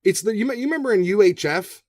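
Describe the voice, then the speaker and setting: A man's voice: sits high, fast, distant mic. A man co-hosting a casual movie discussion podcast, talking loosely and with lots of swearing. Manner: profane, animated, does shouted impressions. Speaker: podcast co-host.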